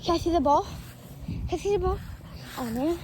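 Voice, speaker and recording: High-pitched young girl coaxing her dog. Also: lively intonation, a little fast, slight background noise. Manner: playful, coaxing, talks to her dog in a sing-song voice. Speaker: dog owner. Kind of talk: casual vlog talk to a dog. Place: outdoors in a yard.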